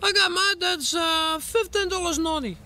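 A man's voice: very high voice, moderate pace, sharp tone, a little hiss or hum, full character voice. A man with a broad Australian accent playing a chatty, foul-mouthed male taxi driver who swears in every sentence. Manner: chatty, swears constantly, says mate and bloody.

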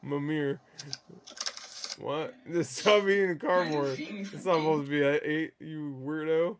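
A woman hosting a meme reaction video, cursing freely, laughing loudly and yelling back at the clips. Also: low-pitched, measured pace, a crowd in the background. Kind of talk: casual meme reaction commentary.

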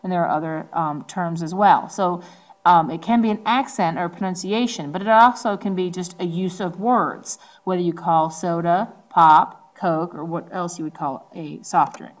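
A woman teacher from the Northeastern United States lectures in a relaxed, conversational way. Her voice sits somewhat low for a woman. She often pauses on ums and slows down to lean on important words. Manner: conversational explaining with frequent ums. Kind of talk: recorded classroom lecture.

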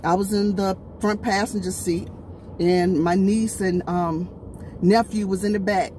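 A woman's voice: medium pitch, fairly even intonation, a little slow. A woman vlogger telling a storytime to camera, talking emphatically and straight to her viewers. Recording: loud traffic noise behind the voice.

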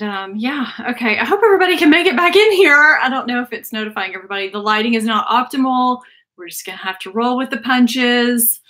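A woman's voice: on the high side, fairly bright tone. Chatty woman livestreaming. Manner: chatty, laughs often, sighs. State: out of breath. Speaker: livestream host. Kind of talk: casual livestream chat. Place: small home office room.

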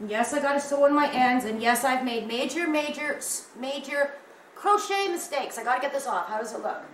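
Canadian lady rambling to her viewers, bit high pitched, roomy echo. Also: animated, brisk, fairly bright tone, slight background noise. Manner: chatty and rambling, addresses viewers as guys. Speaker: crochet vlogger. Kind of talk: casual chat to camera. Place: at home in a warm room.

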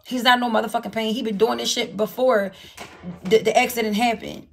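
Woman on a livestream, blunt and swearing a lot, kinda high and gravelly. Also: steady tone, brisk, fairly bright tone, slight background noise. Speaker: livestream host. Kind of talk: casual livestream chat.

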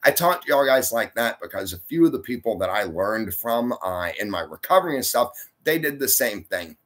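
A man's voice: mid-range voice, very animated, moderate pace, a bit bright. A sleepy man, chatting to camera in a rambling, folksy vlog. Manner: rambling, folksy, uses y'all. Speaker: vlogger. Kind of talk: casual chat to camera.

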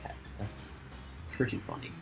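A man's voice: moderate pace, faint music behind. A man giving playful, joking commentary while he plays a video game for his channel. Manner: playful, laughs and jokes while playing. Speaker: gaming channel host. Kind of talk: casual let's-play commentary.

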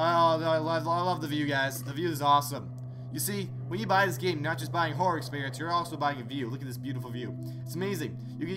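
A man hosting horror let's-play commentary, joking sarcastically and yelling in fright. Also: on the high side. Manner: excitable, jokey, sarcastic, screams in fright. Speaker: gaming channel host.

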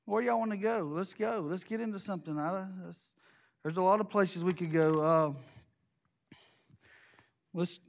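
Intense blunt pastor, man, high pitched, preaching folksy in church. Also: moderate pace, gravelly, pauses often. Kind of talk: sermon.

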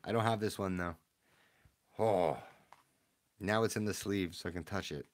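A man opening trading card packs on a live stream, chatting excitedly with his viewers in a casual, rambling way. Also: sits low, normal speed, slight background noise.

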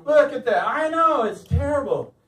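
A man's voice: very high voice, animated, normal speed, a bit bright. A man telling a stand-up comedy story at an open mic, often laughing through his lines. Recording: echoey room, mic at a distance, faint noise.

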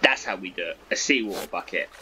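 A man talking to himself through a survival game, excitable and prone to swearing, with game music behind him. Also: deep voice, quick pace, slight background noise. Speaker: gaming YouTuber. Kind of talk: let's-play commentary.

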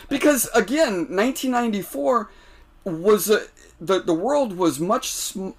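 An American man spins a story on a podcast with a slightly high voice. He talks in animated bursts, breaks off and restarts, and laughs along with his own tale. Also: unhurried. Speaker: podcast guest. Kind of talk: casual storytelling.

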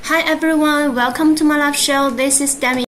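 A woman with a Chinese accent hosting a live-stream sales presentation in English, halting and repeating her greetings. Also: sits high, fairly even intonation, fairly bright tone, a little hiss or hum, poor audio. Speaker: livestream sales host.

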